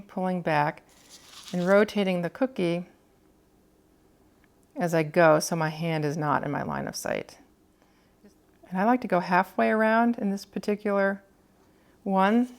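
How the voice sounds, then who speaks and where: A woman teaching cookie decorating, calmly explaining each step while she works. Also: lowish voice. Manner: calm, explanatory, thinking aloud while working. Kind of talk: step-by-step demonstration.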